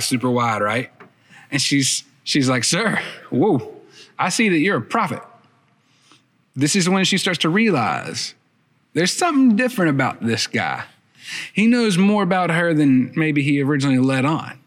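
A man's voice: medium pitch, big pitch swings, normal speed, fairly bright tone. Man preaching in a chatty storytelling way. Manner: conversational storytelling, chatty asides. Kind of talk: sermon.

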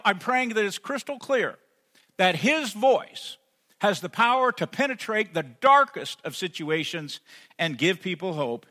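High bright-voiced preacher in a reverberant hall. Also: male voice. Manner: builds to emphatic peaks, then drops soft and intimate. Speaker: pastor. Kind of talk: sermon.

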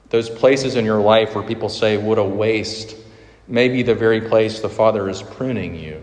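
Pastor, man, 30s, earnest sermon delivery with soft trailing emphasis, long hall reverb. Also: mid-range voice. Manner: earnest, drops to soft emphatic lines at phrase ends. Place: large hall with audience. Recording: echoey hall sound, roomy reverb.

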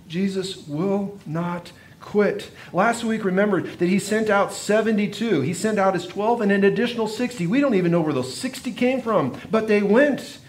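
A male pastor preaching a sermon in an earnest way, often repeating phrases and dropping his voice for quiet emphasis. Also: high-pitched.

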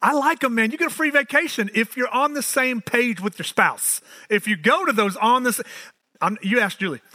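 A man, preaching a sermon as pastor, animated and storytelling with self-mocking asides. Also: extremely high pitch, moderate pace, no room sound.

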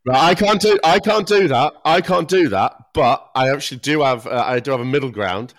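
A man's voice: medium pitch, fairly quick. A man co-hosting a podcast, chatting casually with swearing and banter. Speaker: podcast co-host. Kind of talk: casual chat.

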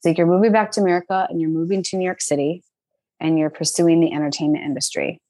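A woman in her twenties telling a personal story in a casual, animated, chatty way, full of fillers. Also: lowish voice, fast, dry recording.

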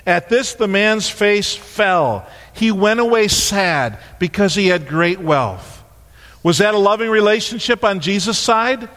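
A man delivers a sermon with a bright, high voice that leaps up and down as he acts out the people in his stories. His words ring out with a long echo, as if filling a large church sanctuary. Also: slow. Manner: animated storytelling, acting out voices. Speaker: pastor. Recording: long hall reverb.

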